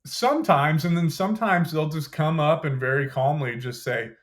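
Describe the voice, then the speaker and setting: A young adult man, a podcast guest, telling stories of his military training in a relaxed, detailed way, full of "you know" and "like.". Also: fairly high pitch, measured pace, few pauses. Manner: conversational, detailed, frequent "you know" and "like" fillers. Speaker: podcast guest, former Green Beret. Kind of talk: casual storytelling interview.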